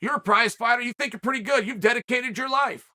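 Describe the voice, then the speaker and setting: A very high, bright voice with a forceful edge comes through quickly as this man rants on his commentary show. He speaks emphatically, hurling rhetorical challenges at his listeners.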